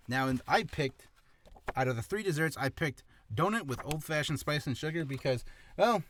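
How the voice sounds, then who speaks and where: Lively, chatty man. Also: fairly high pitch, normal speed, a little hiss or hum. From Canada. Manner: chatty, rambling, self-mocking. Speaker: voice actor vlogger. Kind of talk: casual vlog about reading practice.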